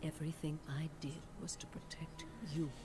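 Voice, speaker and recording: A woman's voice: low voice, level tone, moderate pace, loud music behind the voice, lightly acted. A woman voicing a scheming, manipulative mother figure in a game cutscene, theatrically condescending. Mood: scornful. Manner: theatrical, condescending, sweetly cruel. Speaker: game character.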